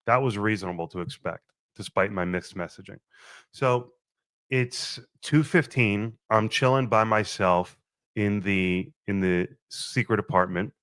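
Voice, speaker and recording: Young man, podcast host, lowish voice, animated storytelling, swears, dry close mic. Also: a little slow, no echo. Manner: animated, profane, acts out his own quoted lines. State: a little thirsty, just woke up. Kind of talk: casual storytelling monologue.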